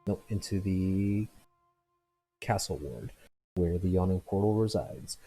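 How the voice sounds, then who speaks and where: A man's voice: low voice, takes it slowly, dark tone, breathy edge, soft background music, poor audio. A man narrating a tabletop game as game master, hesitant and full of fillers.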